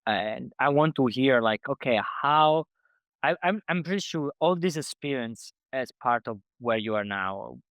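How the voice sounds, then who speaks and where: A man hosting a podcast interview, speaking as an in a halting way full of restarts and fillers. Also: medium pitch, animated, clear, resonant tone, dry recording, muffled recording. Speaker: podcast host. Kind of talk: conversational interview.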